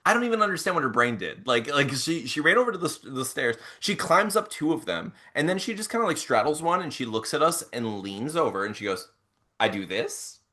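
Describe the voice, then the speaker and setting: A man on a podcast chatting casually, telling animated stories and laughing often. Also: a little high, fast talker, few pauses. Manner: animated storyteller, laughs often, acts out quotes. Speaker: podcast co-host. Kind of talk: casual chat.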